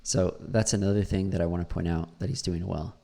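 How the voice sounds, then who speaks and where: Man, low pitch, gravelly, English teacher, pronunciation critique, repeats words aloud. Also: fairly even intonation, a little fast, warm tone.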